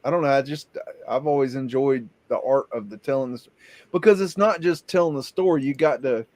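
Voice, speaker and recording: A man's voice: medium pitch, brisk, darkish tone, dry recording. A man with a Southern US accent hosting a casual live chat, telling rambling stories with many restarts. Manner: rambling storyteller, frequent restarts. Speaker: show host.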